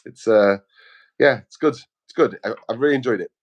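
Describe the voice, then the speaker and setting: A man speaking as a guest on a podcast in casual chat, relaxed and chuckling, often restarting his sentences. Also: medium pitch, normal speed, muffled recording. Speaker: guest artist.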